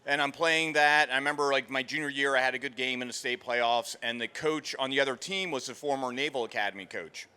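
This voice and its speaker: Bright, clear-voiced man telling his story. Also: mid-range voice, a little fast, hardly any pauses. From outside Philadelphia, USA. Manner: casual storytelling, quotes others in dialogue. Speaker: featured speaker, veteran. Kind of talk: personal story talk to an audience. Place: expo hall stage.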